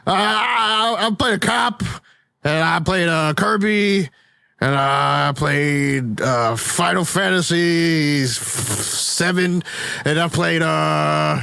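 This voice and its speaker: Brief: man doing a high, gravelly, rambling movie-star impression, dry close mic. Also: slow pace, no room sound, exaggerated voice. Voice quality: gravelly, congested cold voice. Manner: shouty, scattered, repeats himself. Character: loud rambling celebrity actor man, big fake teeth. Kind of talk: comedic celebrity impression on a podcast.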